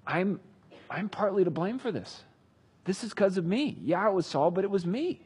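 Man doing an upset young fighter, a bit higher, plaintive and husky. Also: lively intonation, normal speed, darkish tone, heavily acted. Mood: guilty. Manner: plaintive, pleading. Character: young male warrior-leader, distressed and guilty.

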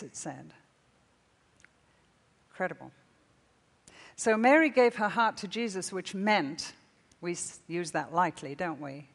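Older lady preaching, tells a story and laughs a lot, lowish voice, big hall echo. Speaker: speaker. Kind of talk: sermon. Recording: long reverb of a hall.

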